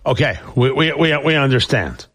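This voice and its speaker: A man's voice: mid-range voice, animated, moderate pace, a bit bright, husky. A man hosting a talk radio show, speaking in an emphatic, repetitive monologue.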